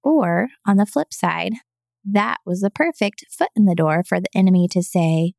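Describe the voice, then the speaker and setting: A woman's voice: fairly low pitch, normal speed, creaky, darkish tone, dry recording, studio quality. A woman telling her personal story as a podcast guest, speaking earnestly and with emotion. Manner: acts out quoted voices. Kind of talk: personal testimony in an interview.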